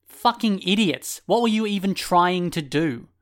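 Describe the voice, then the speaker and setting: A man's voice: medium pitch, little pitch movement, moderate pace, clear, resonant tone, lightly acted. A man voicing a bitter, accusing teenage boy. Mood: furious. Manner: angry, accusing, loud.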